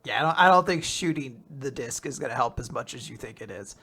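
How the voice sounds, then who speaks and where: A man co-hosting a podcast, chatting casually and retelling a story with quick character voices and frequent laughs. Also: medium pitch, lively intonation, sharp tone, slightly rough. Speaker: podcast co-host recapping manga. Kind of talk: casual chat.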